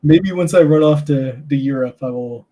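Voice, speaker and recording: Husky-voiced easygoing man. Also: fairly high pitch, normal speed, mellow. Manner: easygoing, hesitant, fillers and restarts. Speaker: band member. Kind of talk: casual chat.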